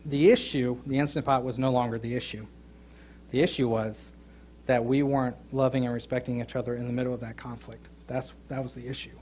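A middle-aged man preaching a sermon, telling a funny story and joking with his congregation, with loud emphatic peaks. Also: mid-range voice, slight background noise. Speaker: pastor. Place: church sanctuary.

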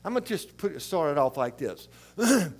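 An older man from South Louisiana with its accent, preaching a sermon in a rambling, folksy, animated way. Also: a little high, moderate pace.

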